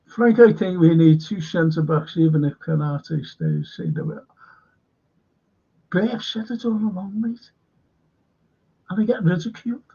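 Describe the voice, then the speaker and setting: A man's voice: high voice, sing-song, measured pace, long pauses, dark tone, slightly rough, dull audio. A man hosting a live fan stream, chatting casually in a rambling way and reading viewer comments aloud. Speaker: fan channel host.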